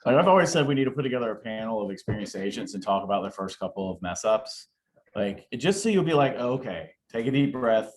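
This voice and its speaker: Fast-talking man, lower voice. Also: big pitch swings, darkish tone. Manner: fast, emphatic, self-deprecating. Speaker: co-leader of the training. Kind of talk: animated storytelling.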